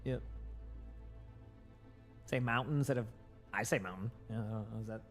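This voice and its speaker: A man's voice: fairly low pitch, normal speed, a bit bright, faint music behind. A young man with a light Boston accent, a gaming streamer chatting casually with his viewers, rambling with lots of fillers and restarts. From Boston area.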